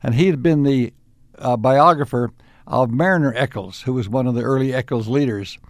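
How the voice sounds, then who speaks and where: A man's voice: medium pitch, no room sound. Older man, interviewee, anecdotal, chuckling, mid-range voice, dry close sound. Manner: unhurried, warmly anecdotal, with chuckles. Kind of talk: reflective storytelling.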